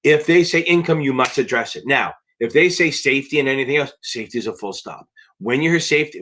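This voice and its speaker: A man's voice: mid-range voice, expressive, fast, fairly bright tone. A man tutoring for a finance licensing exam on a live question-and-answer stream, talking bluntly and emphatically and swearing for emphasis.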